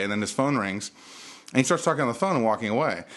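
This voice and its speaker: A young man hosts a casual podcast and tells a long story from behind a bar. He acts out every quote with sudden leaps in his voice. He sounds like an everyday mid-pitched speaker. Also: very fast. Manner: animated, acts out quotes with big pitch jumps. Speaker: podcast host.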